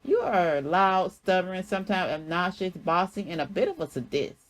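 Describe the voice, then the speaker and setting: A woman's voice: lowish voice, expressive, normal speed, lightly acted. A woman voicing an older mother who lists her daughter's faults bluntly but fondly. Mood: fond teasing.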